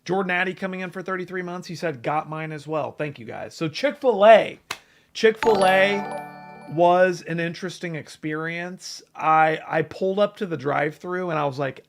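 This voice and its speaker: Male streamer, slightly high and gravelly, hyped and swearing while he reads chat. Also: moderate pace, over music. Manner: excitable, profane, reads chat names aloud. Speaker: livestream host. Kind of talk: casual livestream chat.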